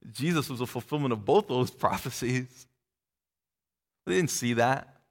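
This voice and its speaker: A middle-aged man preaching a sermon, reading scripture aloud and voicing its speakers with lifted pitch. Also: expressive, unhurried. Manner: expository preaching, acting out quoted voices with a rising pitch. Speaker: pastor. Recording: long reverb of a large hall.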